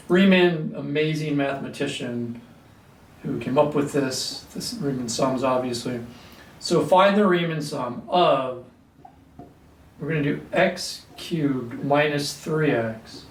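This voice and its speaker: A man teaching a calculus lesson at a whiteboard, clearing his throat often and talking through steps with fillers. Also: on the high side, slight background noise. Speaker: math teacher. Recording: echoey room, mic at a distance.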